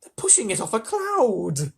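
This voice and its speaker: A man's voice: sits high, wildly swooping pitch, normal speed, creaky, voice pushed up, full character voice. A man reading a storybook aloud, voicing an eager, curious young boy in a raised voice. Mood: excited. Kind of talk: children's storybook read aloud.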